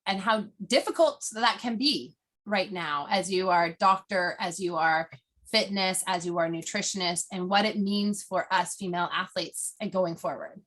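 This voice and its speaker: A woman's voice: on the low side, moderate pace, a bit bright. A middle-aged woman hosting an interview in a bubbly, chatty way, laughing often and rambling a little. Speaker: host. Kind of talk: casual interview chat.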